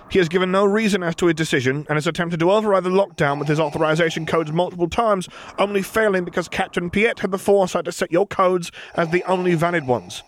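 A man reading a story, voicing a nervous young officer who explains in a rushed, anxious way. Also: high voice, slight background noise, pitched above the performer's own voice, lightly acted. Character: nervous young male officer, flustered and deferential.

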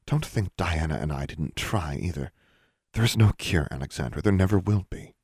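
A man's voice: deep voice, animated, normal speed, darkish tone, husky, dry recording, clean studio sound, heavily acted. Man doing a cool, icy witch dean. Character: cool, steady older witch dean, female.

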